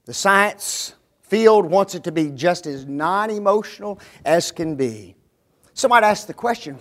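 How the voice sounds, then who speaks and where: A man's voice: high voice, animated, moderate pace. A man preaching a sermon, driving his points home with emphatic rhetorical questions.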